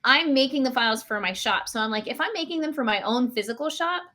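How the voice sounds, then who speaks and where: A woman with a high, bright-sounding voice chats as a guest over a video call. She tells her stories in a bubbly, excited rush. She sounds to be in her thirties. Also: fast. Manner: bubbly, excited storytelling with frequent laughs. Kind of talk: casual chat.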